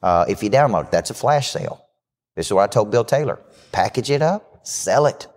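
A man hosting a live business show as a coach, giving a brash, fast-talking motivational pitch. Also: expressive, darkish tone. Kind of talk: live podcast talk. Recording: hall reverb.

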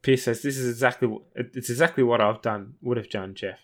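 A man's voice: mid-range voice, steady tone, a little fast. A man hosting a podcast, casually recapping an episode and acting out quotes as he rambles. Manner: rambling retelling with acted-out quotes. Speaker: podcast host.

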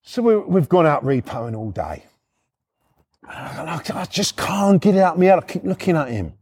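Middle-aged man, husky voice, very lively pitch, swearing, rambling anecdote. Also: moderate pace. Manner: profane, rambling, lively storytelling. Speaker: storyteller. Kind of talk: casual anecdote.

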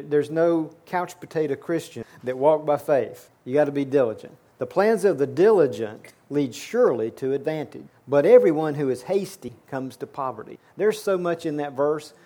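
A man preaching a sermon in an earnest, plain way. His voice sits a little high, with a mellow, soft-edged tone. He often repeats words as he builds toward each point. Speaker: pastor.

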